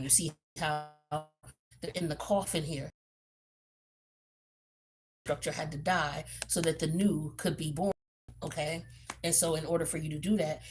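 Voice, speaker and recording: A woman's voice: deep voice, a little mellow, slight background noise. A woman giving a casual tarot reading, blunt and profane, with streetwise slang and lots of chatty fillers and asides. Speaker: tarot reader.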